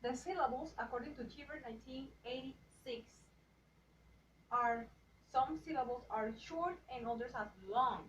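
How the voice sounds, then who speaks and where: Woman w/ as giving a slow lesson, kinda high voice, far from the mic in an echoey room. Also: a bit bright. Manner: halting, with restarts and repeated example words. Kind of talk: slow class presentation on phonetics. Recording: dull, roomy audio from far off, faint noise.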